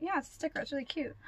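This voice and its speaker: A young woman vlogger chatting casually through an unboxing, gushing and excitable with lots of gasps and fillers. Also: high-pitched, dry recording.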